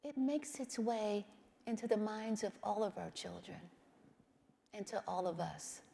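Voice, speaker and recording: A middle-aged woman giving a public talk, telling a personal story in a measured way and often checking in with "right?". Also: mid-range voice, fairly even intonation, gravelly, warm tone, big-room sound, a little hiss or hum.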